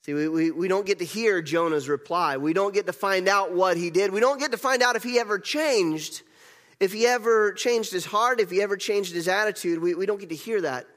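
Pastor with a fairly high voice, in a reverberant church. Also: male voice, fairly quick, fairly bright tone. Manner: conversational, repeats himself while building rhetorical questions. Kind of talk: sermon.

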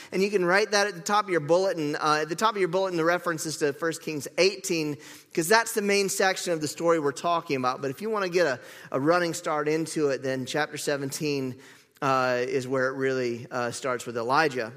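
A man's voice: a little high, fairly even intonation, a little fast, a bit bright, in a large hall. A man preaching a sermon, chatty and self-correcting, joking with the congregation. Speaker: pastor. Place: church sanctuary.

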